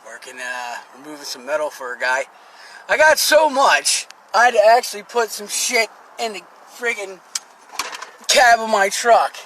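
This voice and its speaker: Speaking into his phone camera from the truck, a Philadelphia man in his forties, a vlogger and scrap-metal worker, jokes, rambles and makes fun of himself in a casual monologue. His high voice is expressive, bright and forceful at a normal speed. Slight background noise and poor audio mar the clip.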